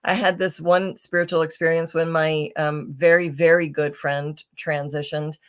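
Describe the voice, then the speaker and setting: A woman's voice: low voice, little pitch movement, normal speed, clean tone. Chatty woman telling a personal story. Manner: chatty, many fillers and restarts, asks "right?". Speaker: podcast guest. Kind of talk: casual interview storytelling.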